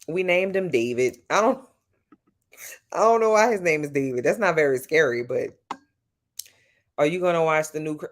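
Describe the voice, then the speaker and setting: A woman's voice: sits low, animated, unhurried, pauses often. Sassy Louisiana woman chatting with viewers. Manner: sassy, playful, talks straight to her viewers. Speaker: live streamer answering chat. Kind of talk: casual live-stream chat. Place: at home at night.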